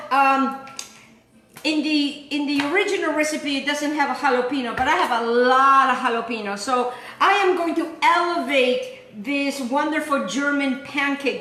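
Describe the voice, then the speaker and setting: Woman, cooking host, high voice, chatty, rambling, repeats herself, roomy echoey kitchen. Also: bright, forceful tone. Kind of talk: casual cooking demonstration.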